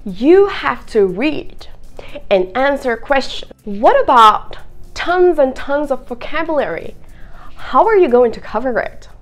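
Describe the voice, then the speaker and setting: A young woman teaching English to camera in an expressive, playful video lesson. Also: high-pitched, a little slow, faint music behind. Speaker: English teacher and content creator.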